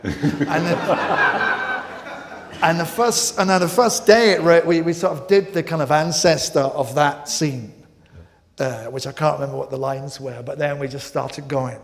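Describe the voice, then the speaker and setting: A male actor telling anecdotes as a guest at a live interview, lively and self-deprecating, often mimicking others. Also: a little high, unhurried, long reverb tail.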